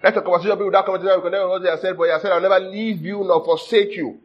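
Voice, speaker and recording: High husky male preacher, lo-fi. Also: steady tone, rapid-fire. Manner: checks in with the audience often, jokes and laughs. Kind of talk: sermon teaching. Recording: dull lo-fi sound.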